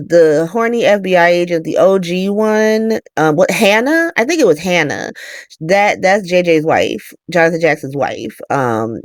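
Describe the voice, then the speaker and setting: Woman, young, chatty recap host, lowish voice, dry sound, profane, laughing. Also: no room sound. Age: young adult. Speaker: soap opera recap host. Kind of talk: casual recap commentary.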